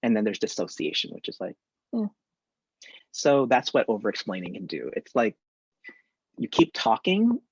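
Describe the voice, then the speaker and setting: A man talking as a therapist in a live online conversation, candid and animated, acting out examples from his work. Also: fairly low pitch, moderate pace, breathy edge, no echo, muffled recording.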